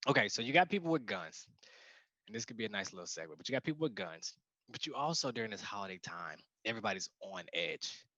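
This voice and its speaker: A man's voice: lowish voice, lively intonation, fast, sharp tone, no room sound, dull audio. A man co-hosting a podcast, telling stories animatedly in casual chat and laughing often. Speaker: podcast co-host.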